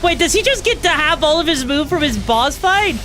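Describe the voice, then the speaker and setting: A young woman streaming a video game, reacting excitedly, swearing freely and tossing in fillers and tag questions. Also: high-pitched, a little fast, slight background noise. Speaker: VTuber streamer. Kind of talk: live gameplay commentary.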